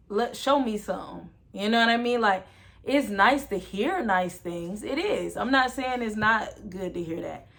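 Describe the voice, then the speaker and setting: A woman's voice: a little high, fairly bright tone. A woman speaking candidly and emphatically in a casual, heartfelt conversation as a podcast co-host.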